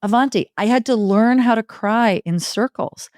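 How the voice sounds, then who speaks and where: A middle-aged woman telling stories in an interview, expressive and building long rhythmic lists. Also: on the high side, moderate pace, dry recording, clean studio sound. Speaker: podcast guest, circle facilitator. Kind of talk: conversational interview.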